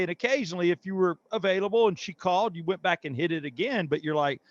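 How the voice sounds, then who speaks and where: Middle-aged guy telling dirty stories, brash and loud, kinda dull dry mic sound. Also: sits high, quick pace, hardly any pauses, dry recording. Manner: brash, bawdy, animated storytelling. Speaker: guest comedian. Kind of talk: casual storytelling.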